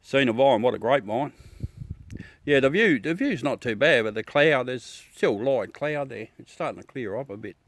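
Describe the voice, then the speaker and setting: A man's voice: mid-range voice, animated, moderate pace, a bit bright. An Australian man livestreaming outdoors at night, rambling chattily to his viewers through a smartphone. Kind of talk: casual live chat.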